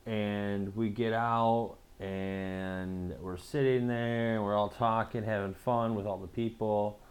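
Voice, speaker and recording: Low-ish voiced guy rambling through a story, lots of likes and swearing. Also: little pitch movement, slow pace. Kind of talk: casual storytelling vlog.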